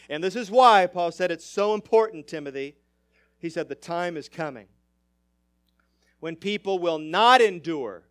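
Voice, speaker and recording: Male pastor, slow and deliberate, dry close sound, emphatic sermon delivery. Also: a little high, clear, resonant tone, dry recording. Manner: emphatic preaching with big swings in loudness.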